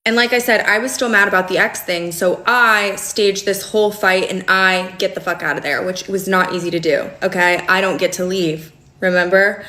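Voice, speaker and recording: Chatty young woman in an echoey room. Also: lowish voice. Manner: animated, chatty, frequent fillers. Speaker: storyteller recounting a relationship. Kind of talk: casual storytime vlog.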